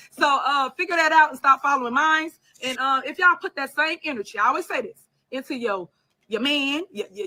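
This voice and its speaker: A woman politician addressing her viewers in a measured, defiant way, with many fillers, heard as a clip played inside a stream. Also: high-pitched, pushed and bright.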